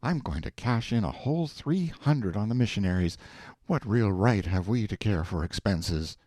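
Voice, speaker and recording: A man's voice: on the low side, animated, normal speed, dark tone, no room sound, clean studio sound. A man playing an eager, spendthrift husband. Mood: excited. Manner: eager, impatient, folksy.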